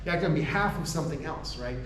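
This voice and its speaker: An American man gives a conversational lecture to faculty, restarting his sentences and checking in with his listeners. His voice sits a bit high for a man. He is heard from a distance in an echoey room with faint ambient noise. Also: lively intonation, racing, a bit bright. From United States. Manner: laughs between points.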